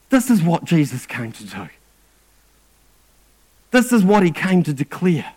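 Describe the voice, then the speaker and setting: High-voiced man preaching with stammered restarts. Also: wildly swooping pitch, a little slow, long pauses, darkish tone, husky. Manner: earnest, stammering restarts and repeated words. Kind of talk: sermon.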